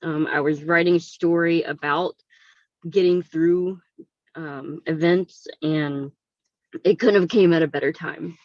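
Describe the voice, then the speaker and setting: A woman's voice: low voice, steady tone, measured pace, darkish tone, no room sound, dull audio. A woman co-author sharing her story on a video call, hesitant with many fillers and holding back tears. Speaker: book co-author.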